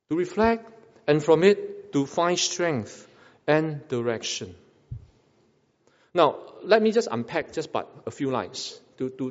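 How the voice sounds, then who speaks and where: A man's voice: medium pitch, darkish tone, in a large hall, muffled recording. A man preaching a sermon, asking rhetorical questions and repeating phrases for emphasis. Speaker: pastor.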